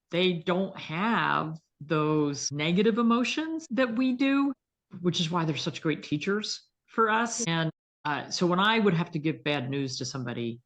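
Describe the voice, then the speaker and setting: A woman veterinarian, a guest in an interview, telling stories in an animated, vivid way. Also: low voice. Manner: animated, vivid storyteller who acts out quotes. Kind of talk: conversational interview storytelling.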